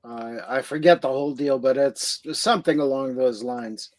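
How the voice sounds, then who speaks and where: A man's voice: medium pitch, normal speed. A man co-hosting a casual talk show, mostly agreeing and adding short asides. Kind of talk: casual chat.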